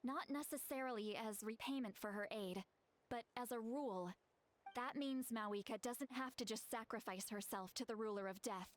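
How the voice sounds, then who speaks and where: A woman's voice: a little high, normal speed, close to an everyday voice. A woman voicing a serious young female seer in a video game, earnest and urgent as she explains. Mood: explaining. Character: serious young woman seer who trusts her dreams.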